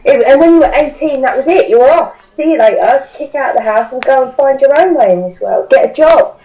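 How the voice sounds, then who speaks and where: A young woman with a British accent talks in a blunt, emphatic way. Her voice sits a little high with a mellow tone. The audio is dull and lo-fi. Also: expressive, brisk. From United Kingdom. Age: young adult. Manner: blunt and emphatic, swears casually. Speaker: guest commentator. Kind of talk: casual political chat.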